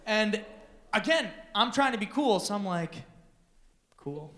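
A man telling a comic personal story to an audience, animated and self-deprecating, acting out the dialogue. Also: high-pitched, normal speed, echoey room, a little hiss or hum. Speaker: speaker addressing an audience.

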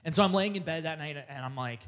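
A man telling a comic personal story to an audience, animated and laughing along as he goes. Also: on the high side, quick pace, long reverb tail. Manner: animated, laughs through his own story.

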